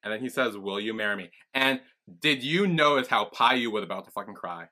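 A man's voice: on the low side, lively intonation, a little fast, pushed and bright. A man co-hosting a podcast in casual chat, recapping scenes and swearing casually. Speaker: podcast co-host.

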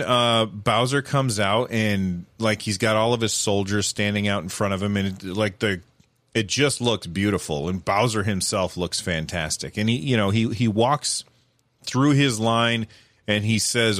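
A man giving casual, animated commentary, rambling with lots of fillers and restarts. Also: fairly low pitch, unhurried, no room sound.

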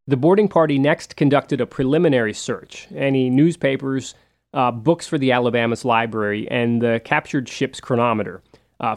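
This history show host has a mid-range voice and spins his tale casually and conversationally. He frequently drops in fillers and asides along the way.

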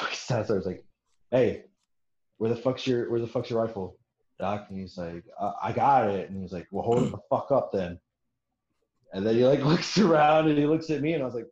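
A man's voice: fairly low pitch, darkish tone. A man casually telling a military story, swearing often, laughing, and acting out the people he quotes. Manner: profane, laughing, acts out quoted voices. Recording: roomy, dull lo-fi sound.

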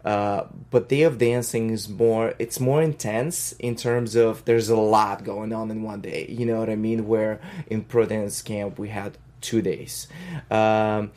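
A woman with a Russian accent, a professional dancer and choreographer, chatting in an interview with lots of fillers and quick bursts. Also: very deep voice, steady tone, mellow. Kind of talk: casual interview talk.

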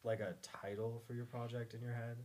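A man hosting a podcast, asking his guest questions in a relaxed way, with casual swearing. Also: medium pitch, brisk, a little hiss or hum. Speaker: podcast host. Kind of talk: casual chat.

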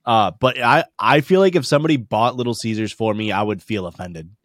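A man's voice: fairly low pitch, a little fast, fairly bright tone, no room sound. Man, podcast co-host, casual comedic chat, profane, rambling, dry recording. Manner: rambling, profane, laughing at own jokes.

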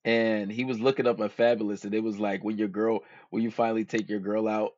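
A man hosting a podcast delivers a casual dating-advice monologue, slangy, profane and loosely rambling. His lowish voice is a little mellow, flat in delivery and fairly quick. It's a dull, dry lo-fi recording with no echo.

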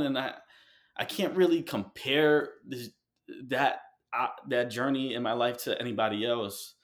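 A man from New York City, a guest in an interview, telling a personal story in a heartfelt, halting way with many fillers and restarts. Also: mid-range voice, fairly even intonation. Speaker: guest artist.

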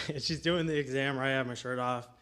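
Fast-talking male podcast guest. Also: medium pitch. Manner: animated, quick storyteller. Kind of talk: casual storytelling.

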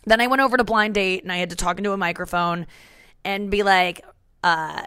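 Woman comedy podcast host, rambly and breathless, smooth clear voice, dry close mic. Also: mid-range voice, normal speed, fairly bright tone, no echo. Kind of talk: casual comedy chat.

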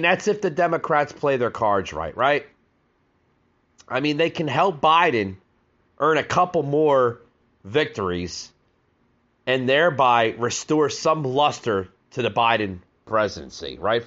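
A man's voice: medium pitch, big pitch swings, takes it slowly, pauses often, fairly bright tone, lo-fi sound. A man hosting a political podcast in a casual, conversational way, often calling his listeners folks. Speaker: podcast host.

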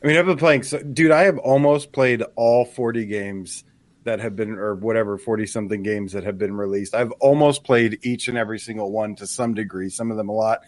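A man's voice: fairly low pitch, fairly quick, dry recording. A man co-hosting a live gaming podcast, chatting eagerly and laughing often. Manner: enthusiastic, laughs often, restarts. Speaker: podcast co-host. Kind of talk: casual live show banter.

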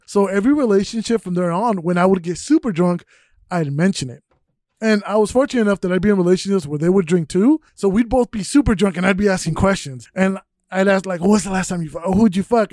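A man's voice: high-pitched, a little mellow, no echo, studio quality. A young man hosting a podcast, telling personal stories candidly in a rambling, casual way full of fillers. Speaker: podcast host.

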